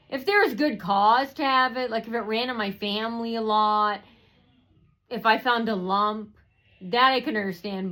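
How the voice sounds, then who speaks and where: A woman's voice: medium pitch, fairly bright tone, low-quality recording. A woman telling a personal story in a rambling way, with many fillers and restarts.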